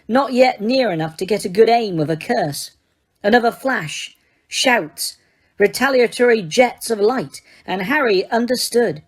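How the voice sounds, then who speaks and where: A woman reading a fantasy novel aloud as an audiobook, in steady, dramatic storytelling. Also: mid-range voice, breathy edge. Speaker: audiobook reader. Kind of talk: audiobook narration.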